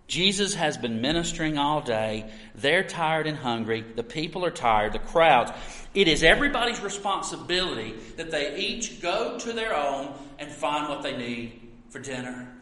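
A man preaching a sermon, swinging between loud emphatic lines and hushed asides. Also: on the high side, big pitch swings, normal speed, reverberant, in a large hall. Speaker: pastor.

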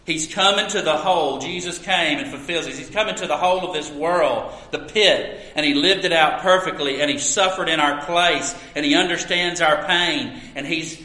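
High bright-voiced preacher in echoey hall. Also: male voice. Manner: earnest preaching with storytelling and emphatic pauses. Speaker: pastor. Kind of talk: sermon. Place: church sanctuary. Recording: echoey hall with long reverb.

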